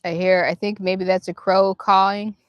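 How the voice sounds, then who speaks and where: Soft-spoken woman musing outdoors. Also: mid-range voice, little pitch movement, clean tone, no room sound, dull audio. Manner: meandering, soft and reflective, guides slow breathing. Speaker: livestream host. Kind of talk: casual spiritual livestream chat. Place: outdoors near a park.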